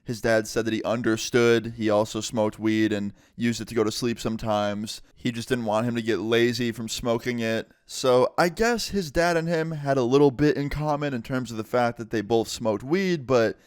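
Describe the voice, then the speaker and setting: A young man telling a casual, profanity-laced story-time vlog in an animated way. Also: medium pitch, normal speed, few pauses, clear, resonant tone, no echo, clean studio sound. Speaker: vlogger.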